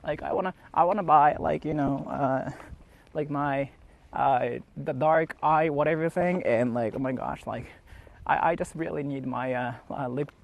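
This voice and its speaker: A man's voice: on the high side, normal speed, creaky. A young man voicing a gushing valley-girl woman who whines and frets over her makeup. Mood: whiny.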